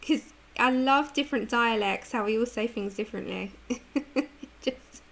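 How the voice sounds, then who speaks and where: British woman, colouring livestream host; bright, sharp tone, casual chat with lots of laughs. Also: a little high, measured pace, a little hiss or hum. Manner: chatty, laughs often, answers viewer comments.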